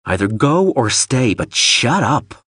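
Man reading as a blunt exasperated woman fighter, husky low voice, dry audiobook sound. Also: wildly swooping pitch, normal speed, fairly bright tone, no echo, full character voice. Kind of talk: audiobook character voice.

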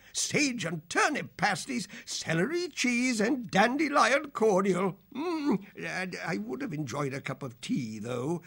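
Storybook elder: man playing a gravelly, husky old fellow, hearty and a bit dozy. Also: sits high, sharp tone, pitched above the performer's own voice, exaggerated voice. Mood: drowsy. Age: older. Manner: hearty, relishing food. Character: old male creature, jolly and sleepy.

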